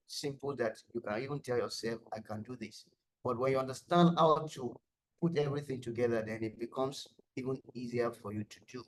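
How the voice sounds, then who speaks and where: A man's voice: fairly high pitch, low-quality recording. A man presenting an online lesson on design thinking, explaining step by step and repeating key words for emphasis, over a video call. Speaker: webinar presenter.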